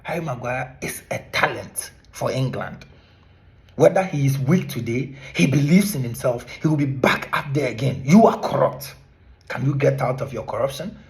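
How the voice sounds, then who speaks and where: A man's voice: medium pitch, normal speed, gravelly. A man from Ghana with a Ghanaian accent, a former teacher delivering an impassioned monologue to camera, scolding with repeated rhetorical questions.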